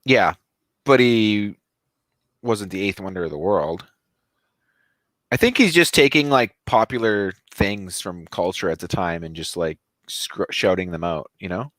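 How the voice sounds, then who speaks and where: Animated man telling a story. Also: deep voice, a little slow, no echo. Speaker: podcast co-host. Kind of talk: casual podcast chat.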